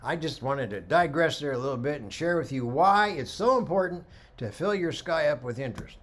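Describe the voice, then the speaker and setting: Man, middle-aged, photography instructor, lively pitch swings, slightly high voice, storytelling. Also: fairly quick. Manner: animated storyteller, acts out dialogue. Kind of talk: lecture with slide commentary.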